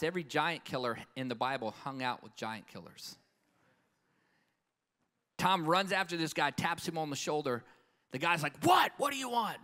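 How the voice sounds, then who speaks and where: A male evangelist delivers a live sermon at a conference. His voice sits a little high, and he preaches with emphatic, storytelling energy, often pausing for an amen. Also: a bit bright. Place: conference hall with live audience.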